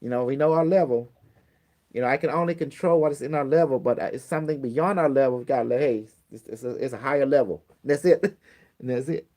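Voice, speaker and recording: A spiritual teacher gives a casual lesson to a small group, speaking bluntly and repetitively, swearing freely and acting out pleading prayers. He's a fast-talking man with a mid-range, slightly mellow voice.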